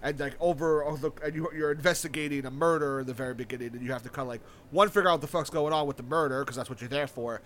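A man's voice: on the high side, racing, hardly any pauses, fairly bright tone, slight background noise. A young man in casual chat, rambling enthusiastically with lots of fillers, restarts and casual swearing. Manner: enthusiastic about a video game.

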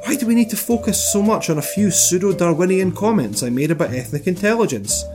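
A man's voice: sits high, animated, fast, over music, pitched above the performer's own voice. A man playing a smug male scientist writing a defensive letter, in a sarcastic, self-pitying tone of mock complaint.

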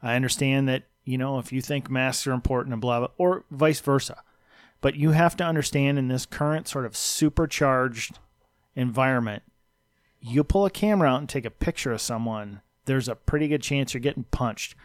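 A man's voice: medium pitch, normal speed, no room sound, clean studio sound. A man from Minnesota hosting a casual talk show, telling stories in a wry, conversational way. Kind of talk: casual chat.

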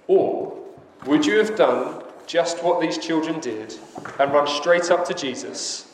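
A man narrating a story to children in a gentle, questioning way. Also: a little high. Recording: echoey hall with faint noise.

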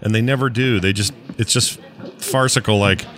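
A man's voice: fairly low pitch, fairly even intonation, normal speed, crowd noise. A man giving casual reaction commentary on an old sitcom, wry and sarcastic with chuckling asides. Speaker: reviewer watching an old sitcom.

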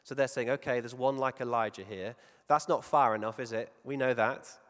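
A man preaching a sermon in a conversational way, often asking his listeners questions and dropping to a hush to stress key points. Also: mid-range voice, steady tone, a little fast. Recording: long reverb of a large hall.

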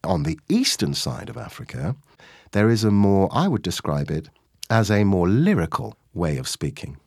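A man, an actor, answering interview questions with animated stories, acting out quoted lines as he goes. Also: on the low side, moderate pace, vocal fry, dry recording, studio quality.

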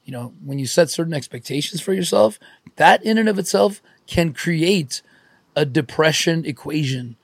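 A man's voice: on the high side, expressive, normal speed, vocal fry, no echo. A man hosting a casual talk, reflective and reassuring, musing on life and expectations. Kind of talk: casual conversation.

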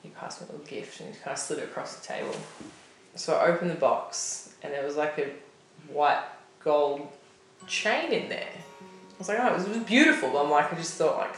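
Chatty young woman, low and roomy. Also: expressive, brisk. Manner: chatty, heavy on filler "like". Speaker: interviewee telling her love story. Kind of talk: candid personal storytelling. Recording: roomy echo with music bed. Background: soft instrumental music.

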